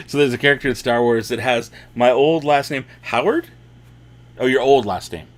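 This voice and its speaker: A man's voice: medium pitch, measured pace. A man hosting a casual watch-party livestream, reading chat comments aloud and laughing often.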